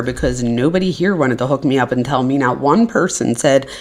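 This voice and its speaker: A woman's voice: extremely low pitch, normal speed, hardly any pauses. A woman hosting a live stream in casual chat, effusive and chatty with viewers.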